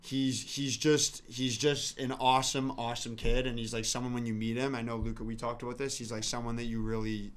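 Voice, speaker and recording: A man's voice: mid-range voice, level tone, fairly quick, few pauses, smooth. A man co-hosting a podcast, chatting casually and enthusiastically, often restarting his sentences. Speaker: podcast co-host. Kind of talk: casual hockey podcast chat.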